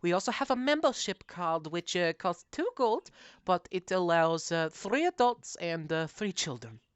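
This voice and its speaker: A woman's voice: fairly low pitch, very animated, smooth, no room sound. Woman playing a hesitant museum ticket clerk. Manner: halting, many fillers and restarts.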